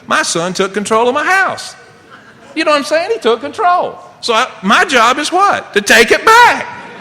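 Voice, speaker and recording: Middle-aged man, recovery-meeting speaker, lively swinging delivery, bright, forceful tone, rhetorical questions to the room. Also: extremely high pitch, normal speed. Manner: animated storyteller, asks the audience rhetorical questions. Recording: long reverb, faint background noise.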